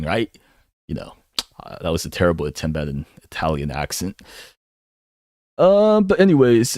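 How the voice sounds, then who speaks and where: A manga commentator gives a casual solo breakdown of a comic chapter, rambling and humming filler syllables as he thinks. His voice sits low and a little mellow, recorded at studio quality with no echo.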